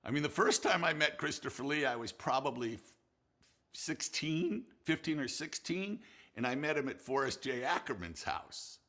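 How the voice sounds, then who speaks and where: An older man, a film director, telling anecdotes in an animated, laughing way with many restarts. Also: fairly high pitch, moderate pace. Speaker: film director recalling a colleague. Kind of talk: anecdotal storytelling.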